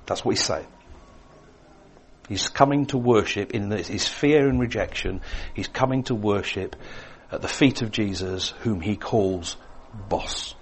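A man preaching a sermon, swinging between emphatic lines and hushed, quiet ones. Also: on the low side, a little slow.

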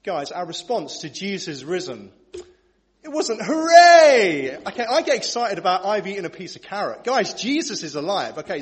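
Animated preacher man, lively pitch. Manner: animated, candid, personal storytelling. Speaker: preacher and worship leader. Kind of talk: sermon. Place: church service.

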